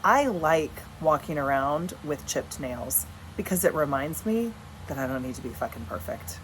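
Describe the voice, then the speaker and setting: A woman in her thirties talks straight to camera in a loose, chatty vlog, frank and unbothered, dropping the odd swear. Her voice sits on the lower side, and a faint hum of the house can be heard behind her. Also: animated, normal speed, low-quality recording. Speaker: vlogger and coach. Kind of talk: casual direct-to-camera vlog. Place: at home with dogs.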